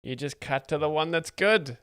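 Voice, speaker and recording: A man's voice: a little high, moderate pace, very noisy. Wry, chatty male stream host. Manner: wry, chatty, amused asides. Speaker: host explaining jokes. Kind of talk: casual reaction commentary.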